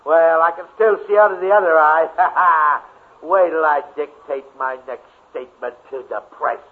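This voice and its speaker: A man's voice: a little high, normal speed, lightly acted. A man playing a blustering, scheming middle-aged uncle in 1940s radio acting style. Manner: blustering, boastful. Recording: tinny old radio broadcast.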